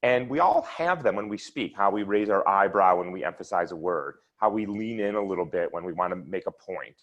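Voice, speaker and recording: Here the presenter has a deep, animated voice, slightly fast and a bit bright, with the highs cut off. Lecturing with slides at an online seminar, he walks through his research charts one step at a time.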